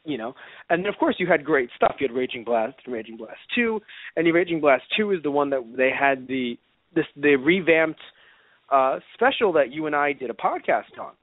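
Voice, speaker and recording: A man's voice: on the high side, normal speed, no room sound. A man co-hosting a live radio show, chatting casually and animatedly. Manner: animated, enthusiastic rambling. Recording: tinny phone-like sound, dry.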